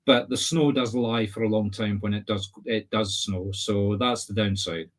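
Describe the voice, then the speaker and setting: A man's voice: on the low side, fairly even intonation, moderate pace. Chatty Scottish man hosting. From Scotland. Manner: chatty, explains at length, teasing. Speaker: host. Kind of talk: casual video-call chat.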